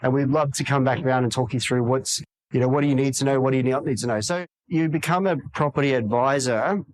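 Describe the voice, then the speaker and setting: A man's voice: mid-range voice, quick pace, poor audio. A man in a podcast interview, talking energetically and acting out quoted dialogue in other voices. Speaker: real estate agent guest.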